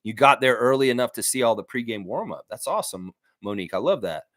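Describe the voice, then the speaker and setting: A man's voice: medium pitch, fast talker, dry recording, clean studio sound. A man hosting a live fan reaction stream, reading chat and answering in a blunt, repetitive way with casual swearing. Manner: blunt, animated, swears freely, repeats himself for emphasis. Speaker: sports stream host.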